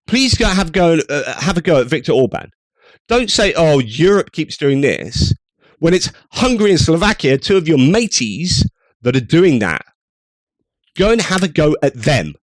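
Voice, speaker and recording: A man's voice: on the high side, sing-song, moderate pace, no room sound. A man giving angry, sarcastic news commentary over clips, swearing and ranting.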